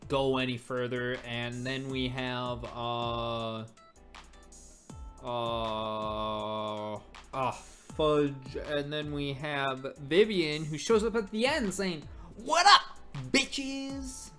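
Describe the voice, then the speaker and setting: A webtoon reader giving casual, excitable commentary, laughing often and stammering repeats. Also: medium pitch, extremely slow. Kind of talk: casual commentary over a comic. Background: faint background music.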